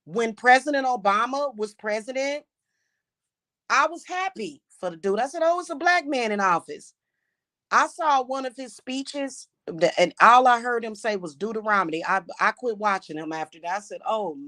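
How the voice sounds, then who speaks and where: A woman's voice: a little high, lively intonation, moderate pace, pushed and bright. A woman who practices witchcraft and hosts her own channel, talking in an emphatic, indignant unscripted monologue full of restarts and repeated words.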